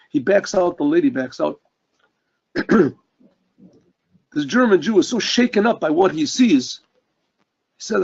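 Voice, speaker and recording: Husky-voiced rabbi telling a story. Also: male voice, high voice, measured pace, pauses often. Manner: earnest, animated storytelling with throat clearing. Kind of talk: storytelling sermon. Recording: dull lo-fi recording.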